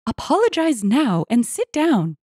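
A woman plays a flustered wife trying to calm her husband, her voice pitched high and pleading. Her pitch swings widely, and the sound is dry and close. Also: unhurried, husky, no room sound, exaggerated voice. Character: frantic wife of the angry biker.

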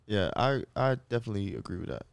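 A man co-hosting a podcast in casual chat, reacting loudly and calling people bro. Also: lowish voice, big pitch swings, quick pace, gravelly, smooth, no room sound. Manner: reactive, says bro a lot, laughs. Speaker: podcast co-host.

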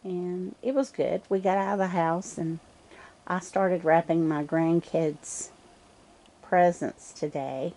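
An older woman from Nova Scotia, Canada, chatting calmly to the camera outdoors on a cold night, cooing sweetly to animals. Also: fairly low pitch, slow. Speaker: wife feeding raccoons at home. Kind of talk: casual chat to camera.

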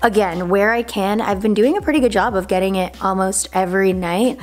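A woman's voice: medium pitch, brisk, faint music behind. Chatty young woman vlogging at home. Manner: chatty, upbeat, says "like" and "literally" often. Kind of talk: casual vlog chat. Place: home indoors.

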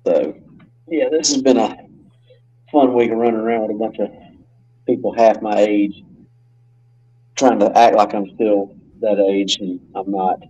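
A man's voice: lowish voice, a little slow, pauses often, dark tone, husky, lo-fi sound. A middle-aged man chatting casually, rambling a bit with fillers, heard over a call. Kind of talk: casual chat.

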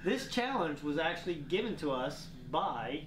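Playful male host, high animated voice, echoey room, distant mic. Casual joking chat. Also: normal speed, a little hiss or hum. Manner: playful, laughs often. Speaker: channel host.

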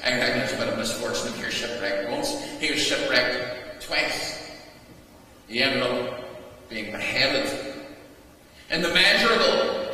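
A man, a rector, preaching a sermon in a measured, emphatic way, with repeated refrains. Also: mid-range voice, sharp tone. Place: large stone church. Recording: echoey church from far off.

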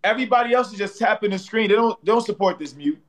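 A man's voice: sits high, fast talker, fairly bright tone. A man hosting a live stream in casual banter, playfully trash-talking and teasing his viewers and a rival, slangy and repetitive, tagging lines with "bro.". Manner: slangy, repeats phrases, tags lines with "bro". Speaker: livestream host.

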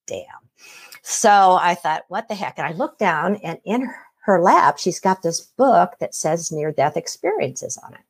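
Husky-voiced woman telling a lively story. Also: on the low side, a little slow. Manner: animated storyteller acting out quoted voices. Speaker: guest telling her near-death experience. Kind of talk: casual storytelling.

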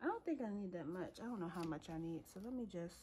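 A woman's voice: fairly low pitch, animated, fast talker, noisy background. A woman, chatting casually to viewers as she counts cash into envelopes, laughing often and calling them y'all. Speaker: budgeting vlogger. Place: home room at a table.

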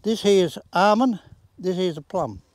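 Speaking at a moderate pace in a high voice with no echo, an Australian man in his 80s gives a casual tour of his home garden outdoors. His talk is plain and folksy, peppered with rural sayings.

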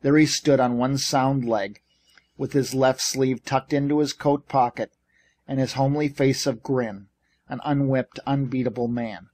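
A man voicing a shrill, feisty old shipping boss in an audiobook, bantering and bossy. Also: steady tone, unhurried, a little mellow, no echo, lightly acted. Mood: scolding. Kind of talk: audiobook character reading.

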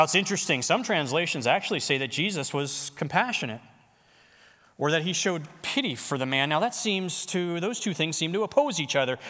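A man preaching a sermon as pastor in a church worship center, animated and conversational, joking with the congregation. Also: fairly high pitch, long reverb tail.

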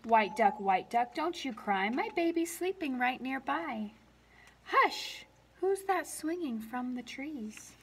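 A woman librarian at children's story time, her voice high and swooping up and down as she reads. She takes it at an unhurried pace, lilting through the lullaby's repeated lines. She breaks in with playful animal noises and friendly questions to her young listeners. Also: lively intonation, a little hiss or hum. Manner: lilting, sing-song lullaby reading. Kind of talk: reading a picture book aloud at story time.

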